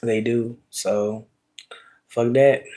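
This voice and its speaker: A man telling stories in a casual vlog rant, animated and swearing, his voice swinging between loud outbursts and low mutters while he smokes. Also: drawn-out words. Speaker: vlogger.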